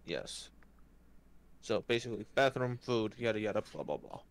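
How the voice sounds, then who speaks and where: A man's voice: fairly low pitch, very animated, normal speed, creaky. A man acting as dungeon master, chatting casually with his players and teasing them. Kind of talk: casual tabletop game chat.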